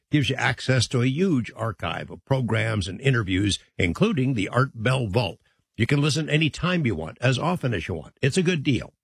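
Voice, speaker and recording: Male late-night radio host, husky voice, folksy and easygoing delivery, dry studio sound. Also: medium pitch, dry recording. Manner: easygoing, folksy, chatty asides. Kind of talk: late-night radio talk show intro.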